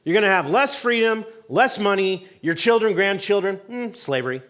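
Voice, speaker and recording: Animated pastor with a lively voice. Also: male voice, high voice, normal speed. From United States. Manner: animated, acts out voices of people and God in quotes; conversational with fillers, asks the congregation questions. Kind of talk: sermon. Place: church sanctuary.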